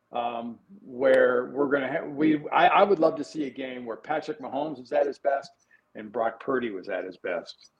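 A man in his sixties, a former player, talks as a guest analyst on a sports radio show. He speaks at a middle pitch in an easygoing but halting way, often restarting his sentences before landing his point. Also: creaky, rough recording. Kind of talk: sports talk radio chat.

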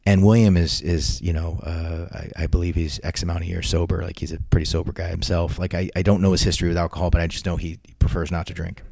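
Interview guest, man, low voice, rambles and restarts, dead-dry recording. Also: level tone, quick pace, creaky, hardly any pauses, a little mellow, no room sound. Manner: rambling, frequent restarts and repeated words. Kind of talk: casual anecdotal storytelling.

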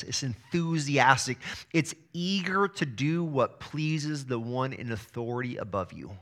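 Bright-voiced male pastor preaching. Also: medium pitch. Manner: energetic preaching, repeats words when starting phrases. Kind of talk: sermon.

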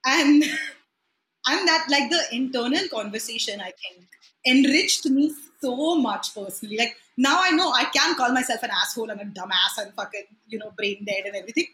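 High, bright Indian woman, laughing chat. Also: moderate pace, reverberant, a little hiss or hum, low-quality recording. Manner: animated, laughing, mixing Hindi into English. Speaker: podcast guest. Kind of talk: casual chat.

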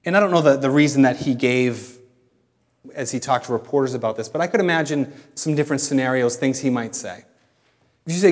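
A man preaching a sermon in a conversational way, explaining as he goes with pauses and restarts. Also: mid-range voice, big-room sound. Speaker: pastor.

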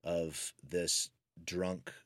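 American guy co-hosting a podcast, lowish voice, dry close mic, laid-back storytelling. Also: extremely slow, no room sound. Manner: relaxed anecdotal storyteller, chuckles often. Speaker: podcast co-host. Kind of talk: casual storytelling chat.

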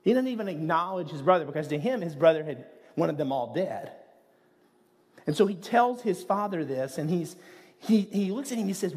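A male pastor delivers a sermon in an earnest, conversational way and often turns to the listeners with asides. His voice sits somewhat high for a man. A long hall reverb trails his words. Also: expressive, normal speed, a little mellow.

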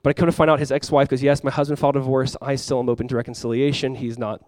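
A man's voice: mid-range voice, flat delivery, rapid-fire, a little mellow, rough recording. A male pastor preaching a sermon, telling a story conversationally and now and then rising into sudden emphasis.

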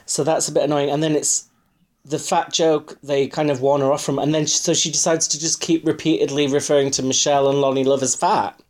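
A man's voice: fairly high pitch, little pitch movement, fairly quick, a little mellow. A man in casual chat as a podcast co-host, telling stories wryly and often laughing.

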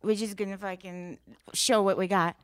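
A woman's voice: medium pitch, moderate pace, dry recording, clean studio sound. A woman from Russia, a guest telling brash, profane stories in a casual podcast interview. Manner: brash, profane, animated storytelling.

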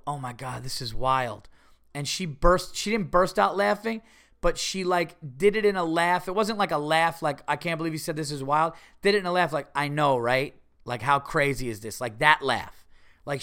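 Male comedian host, young adult, casual storyteller, loose and animated, lots of restarts, voice sits a bit high. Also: smooth. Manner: animated, rambling with many fillers and restarts.

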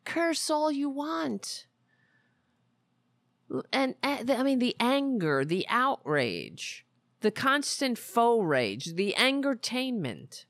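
Woman podcast host, sarcastic and mocking, unhurried with a lively up-and-down voice, dry close sound, faint music behind. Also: fairly high pitch, no room sound. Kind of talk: political commentary podcast.

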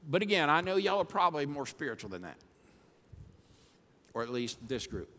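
Fired-up pastor in a big hall. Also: male voice, a little high, very animated, a little fast, slight background noise. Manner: fired-up, swings from soft to shouting. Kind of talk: sermon. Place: church sanctuary. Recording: long hall reverb.

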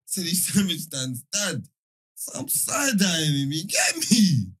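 Animated young man, husky voice. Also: sits high, unhurried. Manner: animated, laughing, full of London slang fillers. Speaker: storyteller in a chat. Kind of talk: casual storytelling chat.

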